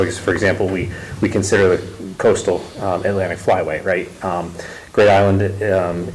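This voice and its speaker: Low-voiced man presenting, full of ums. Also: background noise. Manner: halting, many ums and restarts. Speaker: ecological consultant presenting. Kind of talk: public meeting presentation.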